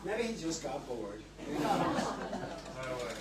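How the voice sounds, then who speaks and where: A man's voice: a little high, very animated, takes it slowly, heavy background noise. A middle-aged man, a singer-songwriter joking easygoingly with the crowd between songs at a live concert. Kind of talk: chatty banter between songs. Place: barn concert venue, indoors. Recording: echoey live room, distant mic, guitar. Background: acoustic guitar.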